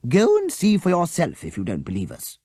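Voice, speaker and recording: Man doing a fussy flustered teacher lady, proper and cross, breathy-ish. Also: fairly high pitch, huge pitch swings, normal speed, mellow, no echo, clean studio sound, pitched above the performer's own voice, exaggerated voice. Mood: indignant. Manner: prim and indignant. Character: prim, flustered woman schoolteacher.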